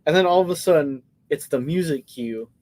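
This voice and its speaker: A man co-hosting a live podcast in a casual movie review chat, retelling scenes with lively acted-out quotes. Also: on the high side, fairly quick. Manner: animated storyteller, acts out scenes. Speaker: podcast co-host.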